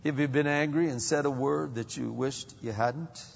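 A man preaching a sermon, an animated storyteller who swings from loud bursts to hushed tones. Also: medium pitch, moderate pace, gravelly, a little hiss or hum. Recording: muffled hall recording with long reverb.

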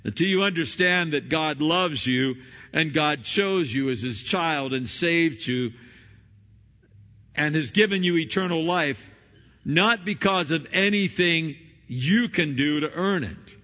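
A man preaching a sermon as pastor, swinging between loud emphatic peaks and quiet low asides. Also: expressive, a little slow. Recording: dull, long-reverb hall sound.

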